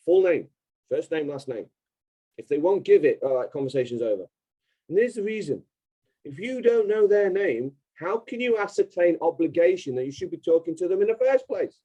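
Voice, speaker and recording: Emphatic man with a warm, mellow voice. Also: a little high, lively intonation, fast, poor audio. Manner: emphatic, insistent, repeats key points. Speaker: podcast guest. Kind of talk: casual interview talk.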